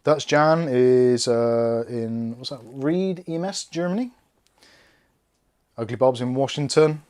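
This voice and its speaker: A man's voice: medium pitch, takes it slowly, a little mellow, clear, resonant tone. A man hosting a live PC build stream, chatting casually and reading out viewer comments while he works. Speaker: tech channel host.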